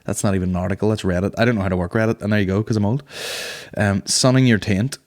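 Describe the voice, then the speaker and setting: A man in his thirties hosting a comedy podcast, talking in a loose, rambling monologue. His voice sits on the lower side, and he swears constantly and laughs at his own jokes. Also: fairly even intonation, quick pace, darkish tone. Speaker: podcast host.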